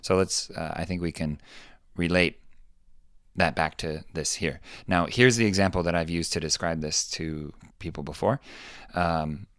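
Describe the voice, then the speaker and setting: A man hosting a podcast, talking things through in a relaxed, thoughtful way and acting out quoted lines with sudden pitch jumps. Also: unhurried, clear, resonant tone, no room sound, clean studio sound. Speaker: podcast host. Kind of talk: casual explanatory chat.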